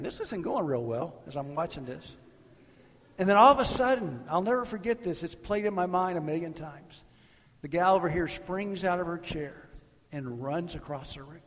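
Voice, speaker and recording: A middle-aged man, a guest pastor, telling stories in a sermon, swinging from loud bursts to near whispers. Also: high-pitched, long reverb tail. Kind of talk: sermon with altar call. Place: church sanctuary.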